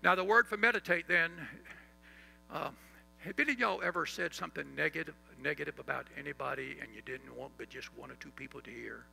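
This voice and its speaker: Bright, gravelly-voiced preaching man. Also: a little high, faint music behind, rough recording. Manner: preaching with call-and-response and recited scripture; drops to soft, slow tones for emphasis. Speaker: pastor. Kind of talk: sermon.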